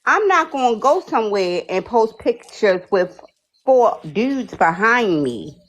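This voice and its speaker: A woman's voice: a little high, big pitch swings, takes it slowly, low-quality recording. A married woman on a casual live stream, asking pointed, sarcastic questions.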